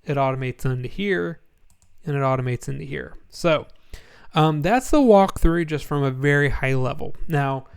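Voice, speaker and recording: A man giving a casual screen-share walkthrough of a spreadsheet template, sleepy and yawning, relaxed and rambling with many ums. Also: a little high, moderate pace, gravelly, clean tone.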